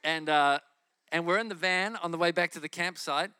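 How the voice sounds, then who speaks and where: Bright, animated man preaching a testimony. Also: fairly high pitch, moderate pace, slight background noise. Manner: animated, laughs while telling stories. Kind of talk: sermon testimony storytelling.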